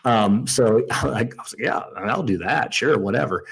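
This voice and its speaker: A man's voice: fairly low pitch, moderate pace, vocal fry, husky, rough recording. A man in his thirties from Indiana, co-hosting a casual chat and telling a story with lots of restarts and quoted asides. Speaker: podcast co-host.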